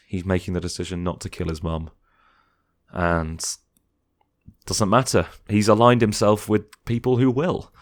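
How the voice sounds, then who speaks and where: A man chatting casually through a film commentary, sometimes mocking critics in put-on voices. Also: low voice.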